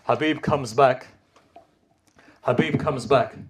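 A man's voice: medium pitch, slow, slight background noise. Impassioned man reciting a mourning sermon. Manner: impassioned, swinging between loud cries and hushed tones; sprinkles Arabic religious terms. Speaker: religious reciter.

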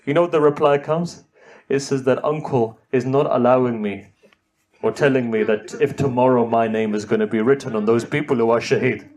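A man's voice: medium pitch, steady tone, a little fast, darkish tone. A middle-aged man preaching an emotional sermon, telling a mournful story and pleading with his listeners as his voice rises. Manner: rising, grief-laden storytelling, pleading with the audience. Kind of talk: emotional majlis sermon recitation.

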